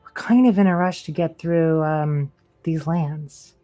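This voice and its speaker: A woman at a tabletop game who speaks slowly and without hurry. Her voice is dark and mellow, and her manner is relaxed and casual. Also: deep voice, soft background music. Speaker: player.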